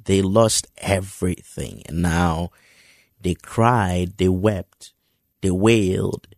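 A man preaching a sermon in an earnest, encouraging way, often halting and repeating words as he restarts his sentences. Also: low voice, gravelly, darkish tone, no echo, studio quality.

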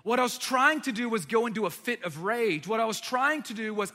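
A man delivers a sermon in a high, forceful voice. He tells stories in an animated way and throws in quick jokes. His voice rings out with a long reverb, as in a large hall. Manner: animated storytelling with quick asides. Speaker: preacher.

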